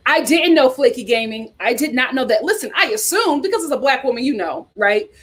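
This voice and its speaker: A woman's voice: high voice, lively intonation, a little fast, fairly bright tone. A woman hosting a casual commentary show, reading articles and viewer comments aloud and reacting in an outspoken, exclaiming way. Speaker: host.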